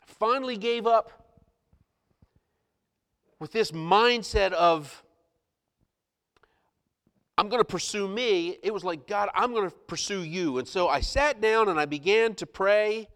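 A middle-aged male pastor telling a personal story in a sermon, animated and self-mocking. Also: high voice, takes it slowly, pauses often. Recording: long hall reverb.

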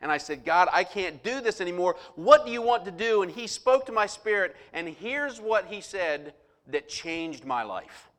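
A middle-aged man preaching a sermon, telling a personal story with animated, rising emphasis. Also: high voice, moderate pace. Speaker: pastor.

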